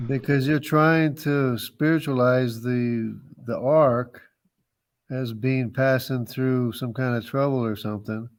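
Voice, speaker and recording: A man's voice: mid-range voice, steady tone, slow. A man in a heated debate who defends his view and keeps repeating his questions to the other speaker. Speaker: debate participant.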